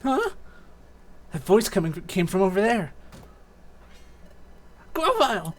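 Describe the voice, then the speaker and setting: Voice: mid-range voice, big pitch swings, slow pace, voice pushed up. A streamer voicing an earnest young creature hero who sounds alarmed and pleading.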